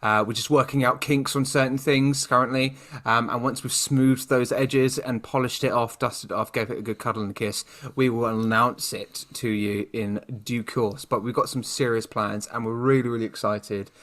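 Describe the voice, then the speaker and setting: British male podcast co-host, chatty, mid-pitched, direct to listener. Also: steady tone, normal speed, hardly any pauses, fairly bright tone. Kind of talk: casual chat.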